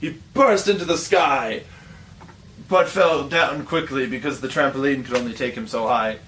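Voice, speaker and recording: A storyteller improvises a playful, rambling tall tale, correcting himself along the way. His voice is medium-pitched and fairly bright at a normal pace, picked up by a distant mic with faint ambient noise.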